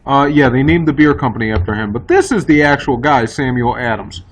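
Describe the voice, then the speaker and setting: A man's voice: mid-range voice, expressive, brisk, muffled recording, a little hiss or hum. Casual male history teacher lecturing. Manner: casual, chatty, with fillers and quoted asides. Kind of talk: recorded classroom lecture.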